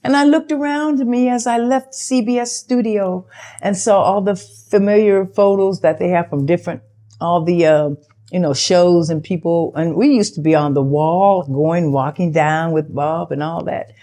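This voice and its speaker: An older woman, an actress being interviewed, tells her story in a loose, chatty way. She puts on the voices of the people she quotes, and her pitch jumps up when she does. Her usual speaking voice sits a bit low for a woman. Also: normal speed. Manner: animated, acts out quoted dialogue with big pitch jumps.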